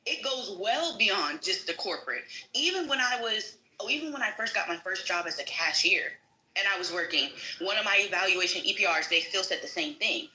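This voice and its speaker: A woman's voice: brisk, echoey room, poor audio. A woman telling work stories casually on a live panel from her home kitchen, mimicking the people she quotes and swearing freely. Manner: animated, acts out quoted people in a higher voice. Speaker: panel speaker. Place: home kitchen, cooking while talking.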